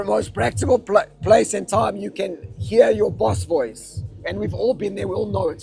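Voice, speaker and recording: A man's voice: high voice, vocal fry, a little mellow. A man giving a casual, slangy motivational talk to a live festival audience. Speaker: motivational speaker.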